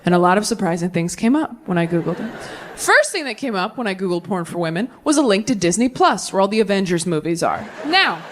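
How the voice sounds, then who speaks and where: Lively stand-up comedian woman. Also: medium pitch, quick pace, slight background noise. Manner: animated, jumps between mock voices for punchlines. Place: comedy stage with a live audience.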